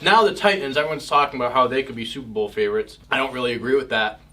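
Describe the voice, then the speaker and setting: A man's voice: medium pitch, racing, pushed and bright. A young man co-hosting a casual sports betting podcast, rambling and self-mocking while he eats. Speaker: podcast co-host.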